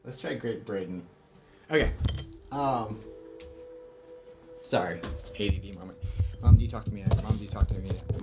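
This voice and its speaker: A man's voice: fairly low pitch, normal speed, pauses often. A man working as a psychic medium on a casual livestream, rambling through his reading with lots of fillers and self-corrections. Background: background music.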